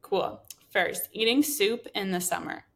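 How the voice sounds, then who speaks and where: Female podcast host, hoarse and gravelly, casual opinionated chat. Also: mid-range voice, a little slow. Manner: chatty, opinionated hot takes. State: voice giving out, hoarse.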